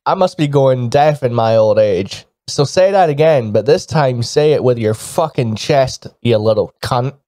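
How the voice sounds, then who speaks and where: A man's voice: mid-range voice, animated, measured pace, few pauses, warm tone, dry recording. A man playing a tabletop game, answering in character in a sarcastic, mock-tough way. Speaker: player.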